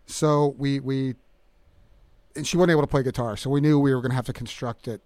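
A middle-aged man talking as a guest musician in a casual interview, halting with many fillers and restarts. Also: mid-range voice, steady tone, darkish tone, no room sound.

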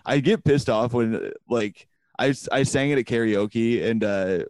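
A man's voice: medium pitch, a little slow, darkish tone, dry recording. Laughing, profane male comedian. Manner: loose and profane, laughing often, acting out quotes. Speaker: comedian, podcast guest. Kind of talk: casual storytelling chat.

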